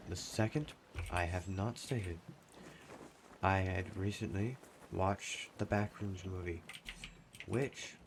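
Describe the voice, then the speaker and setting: Rambling low-voiced man, keyboard clacking. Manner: rambling, self-deprecating. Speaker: gaming YouTuber. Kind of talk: casual chat over gameplay. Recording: clear keyboard typing noise behind. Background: computer keyboard typing.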